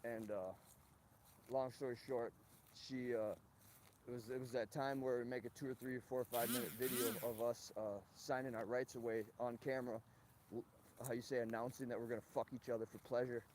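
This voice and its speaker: This livestream host, a man out on a golf course, delivers a profanity-heavy, meandering rant. He speaks fairly fast in a steady, medium-pitched, somewhat mellow voice, and faint noise sits behind him.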